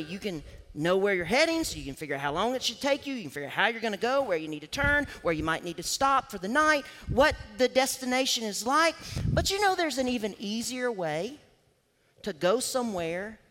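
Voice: medium pitch, a bit bright. A preacher giving an emphatic sermon who acts out scripture quotes. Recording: long hall reverb.

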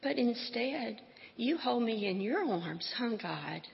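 A woman doing a gentle unborn baby girl. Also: a little high, lively intonation, slow, vocal fry, voice pushed up, exaggerated voice. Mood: wondering. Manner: soft, wondering, childlike questions. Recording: dull echoey hall recording.

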